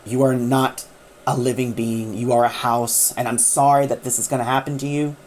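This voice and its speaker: A woman voicing the Doctor, an earnest male time traveler, reassuring in slow, insistent phrases. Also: extremely low pitch, flat delivery, darkish tone, a little hiss or hum, pitched below the performer's own voice. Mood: earnest pleading.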